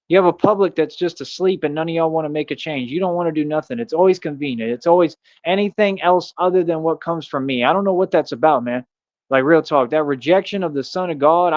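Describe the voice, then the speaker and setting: A man's voice: on the high side, no room sound. Man ranting on a lo-fi stream. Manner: rambling, repetitive, full of "bro" and "man". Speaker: livestreamer. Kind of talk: casual monologue rant. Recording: dull lo-fi stream audio.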